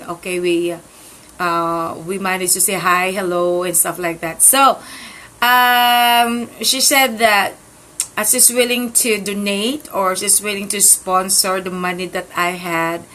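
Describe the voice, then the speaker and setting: A woman's voice: mid-range voice, pushed and bright, a little hiss or hum, rough recording. A woman hosting her own talk channel, chatting casually and gratefully, with many fillers and restarts. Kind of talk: casual chat to camera.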